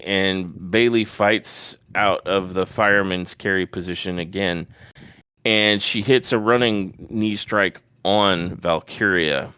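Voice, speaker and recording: A man with a low, smooth voice walks through a wrestling match move by move in casual podcast chat. He breaks off for animated asides. The sound is dry and close to the mic. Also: no echo. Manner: detailed play-by-play retelling, animated asides. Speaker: podcast co-host.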